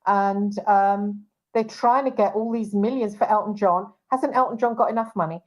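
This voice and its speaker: A woman's voice: mid-range voice, normal speed, low-quality recording. Agitated, indignant woman talk-show host. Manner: indignant, agitated, many restarts. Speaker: show host and private investigator. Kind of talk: casual talk-show chat.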